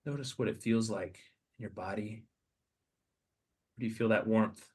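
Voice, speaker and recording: A man hosting a podcast, leading listeners through a slow guided meditation with soft, hesitant restarts. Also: lowish voice, husky. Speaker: podcast host.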